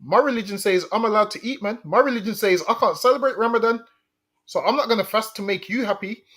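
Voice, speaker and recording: High-voiced blunt male co-host. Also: fast, a bit bright. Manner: blunt, emphatic, repeats himself. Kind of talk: casual commentary chat.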